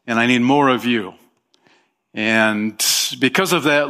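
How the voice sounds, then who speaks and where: A man's voice: mid-range voice, a little slow, sharp tone. A man preaching a sermon as pastor of his church, talking in a conversational way with small fillers and emphatic rises.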